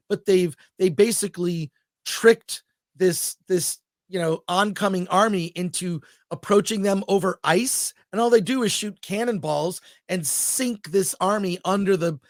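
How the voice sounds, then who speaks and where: A man's voice: high-pitched, no echo. Give me an enthusiastic man reviewing a film in casual chat, with a dry, close sound. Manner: enthusiastic, rambling, thinks aloud. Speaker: film review show host.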